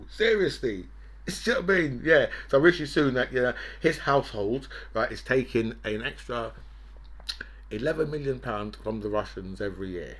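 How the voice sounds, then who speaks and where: A man delivers animated political commentary, mocking and profane. He gloats openly and swears freely. His voice sits in a middle pitch.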